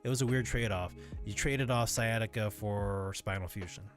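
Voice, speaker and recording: A man's voice: on the low side, moderate pace, over music. A man talking casually on his livestream, reading out viewer comments and answering them candidly, now and then swearing. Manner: candid and conversational, often swears.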